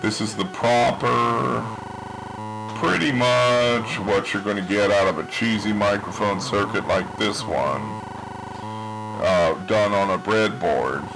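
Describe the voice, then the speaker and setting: Slow and creaky with a lowish voice, an electronics hobbyist walks through a hands-on circuit demo at his home bench, tossing out wry asides. He's on a desktop mic, occasionally heard through his breadboard circuit, with music, circuit distortion and synth tones in the background.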